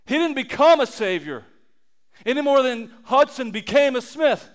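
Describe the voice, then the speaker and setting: A man in his thirties preaching a sermon as pastor, animated, swinging from loud emphasis to quiet low asides. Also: a little slow, clear, resonant tone.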